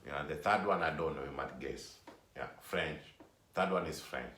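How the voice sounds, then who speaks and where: Deep-voiced man ranting in an echoey room. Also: normal speed, slight background noise. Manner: animated, repetitive, emphatic. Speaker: vlogger. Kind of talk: casual opinion monologue.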